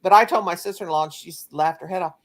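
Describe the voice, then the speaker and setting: Talking very fast in a fairly low voice over background noise, a middle-aged woman hosts a casual family chat for her channel. She wanders from story to story, laughing plenty along the way.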